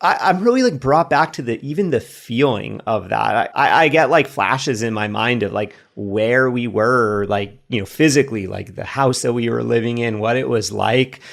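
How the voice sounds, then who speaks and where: A man's voice: medium pitch, normal speed, creaky, hardly any pauses, fairly bright tone. A man in his thirties co-hosting a podcast in a casual chat, talking animatedly and slipping into voices for quoted remarks. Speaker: podcast co-host.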